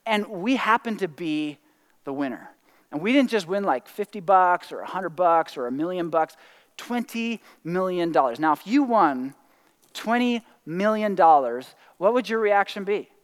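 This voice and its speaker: A man preaching a sermon in a conversational way, full of "like" and "right?", now and then breaking into excited whoops. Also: high-pitched, normal speed, big-room sound. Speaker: pastor.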